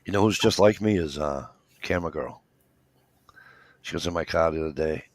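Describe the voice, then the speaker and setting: A man's voice: sits low, fairly quick, dry recording. A man in his fifties in rambling casual chat, swearing freely as he tells stories. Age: 50s. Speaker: podcast co-host.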